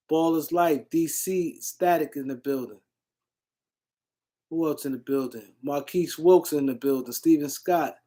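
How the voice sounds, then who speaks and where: A man hosting a casual sports livestream, answering comments and shouting out viewers in the chat. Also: fairly high pitch. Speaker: livestream host.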